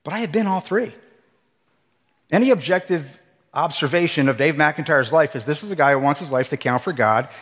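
Middle-aged male ex-pastor, testimony sermon; emotional, swings loud to hushed; voice rings in a long hall reverb. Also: a little fast. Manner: emotional, swinging between loud emphatic bursts and hushed low passages. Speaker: former pastor and missionary giving testimony.

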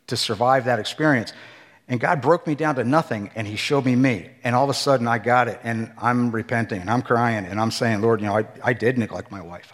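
Middle-aged male ex-pastor, testimony sermon; emotional, swings loud to hushed; voice rings in a long hall reverb. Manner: emotional, swinging between loud emphatic bursts and hushed low passages. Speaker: former pastor and missionary giving testimony.

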